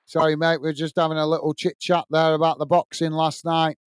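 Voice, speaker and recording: A man's voice: a little high, flat delivery, brisk, a faint crowd, slight background noise. A man hosting a live football watch-along, chatting bluntly and answering viewer comments. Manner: blunt and opinionated. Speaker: host.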